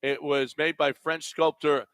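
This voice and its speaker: Male radio co-host, bright tense tone, a touch high, dry close studio mic, wry news-of-the-day reader. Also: little pitch movement, measured pace, smooth, no room sound. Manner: wry, teasing news delivery. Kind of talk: reading quirky news items in banter. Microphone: studio microphone.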